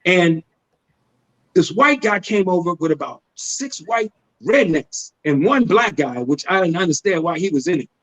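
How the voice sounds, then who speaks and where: A man, a guest actor, telling stories in a casual podcast chat, animated and laughing as he goes. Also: high-pitched, moderate pace, low-quality recording.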